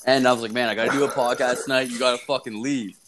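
A man's voice: medium pitch, steady tone, quick pace, noisy background. A young man chatting on a podcast as a guest, telling a rambling story full of swearing. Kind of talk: casual podcast chat.

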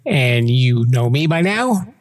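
A man's voice: medium pitch, very animated, slow, long reverb tail. A man hosting a podcast, chatty, with playful asides. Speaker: podcast host. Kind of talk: casual interview chat.

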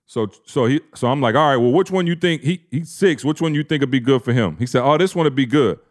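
A man's voice: medium pitch, quick pace. A man in his thirties, a podcast co-host, telling a family story in casual slang and acting out the quotes.

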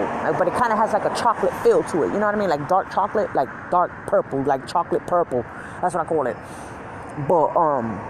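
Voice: mid-range voice, background noise. A vlogger ranting casually about a frustrating workday, swearing freely and mocking customers in put-on voices. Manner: profane, animated storytelling with mocking quoted voices. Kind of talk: casual rant.

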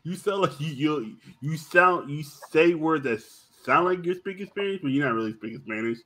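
A man's voice: a little high, animated, normal speed, bright, forceful tone. A man hosting a streamed podcast, telling crude stories in casual chat. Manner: crude joking storyteller. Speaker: podcast host.

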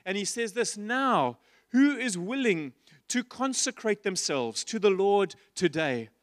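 A man's voice: high voice, animated, unhurried, no room sound, clean studio sound. A man preaching a sermon in church, passionate and repetitive, asking his listeners rhetorical questions. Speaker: pastor.

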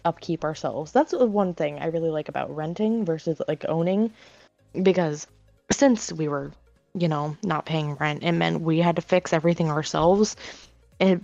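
A woman's voice: low voice, a little mellow, dry recording, dull audio. A woman co-hosting a casual podcast, rambling with lots of fillers and restarts. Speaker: podcast co-host.

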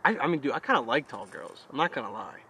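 A man's voice: medium pitch, very animated, quick pace, bright, forceful tone, slight background noise. A young man co-hosting a casual podcast chat, crude and joking with plenty of swearing. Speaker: podcast co-host.

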